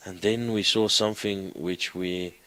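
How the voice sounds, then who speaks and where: A man's voice: low voice, fairly even intonation, unhurried, sharp tone, low-quality recording. A man teaching a Greek class, coaxing students with questions. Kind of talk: classroom lecture.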